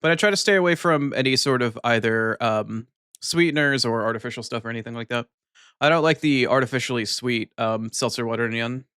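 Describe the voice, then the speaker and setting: Man, streamer, casual chat, swears, verbal tic, talks while eating, dry close sound, mid-pitched. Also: a little fast, sharp tone, clear, resonant tone, dry recording. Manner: loose, swearing, ends lines with a cat-like "nyan" tic. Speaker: live streamer.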